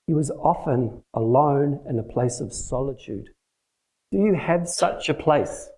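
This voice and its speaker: Mellow-voiced man giving a relaxed sermon. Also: mid-range voice, low-quality recording. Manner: practical, plain-spoken, uses everyday examples. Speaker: church teacher leading a prayer session. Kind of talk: conversational sermon teaching.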